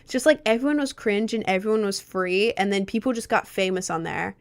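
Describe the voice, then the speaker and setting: A young woman streamer whose natural voice sits on the low side, chatting casually and reacting aloud to her chat. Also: brisk. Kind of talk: casual livestream chat reading comments.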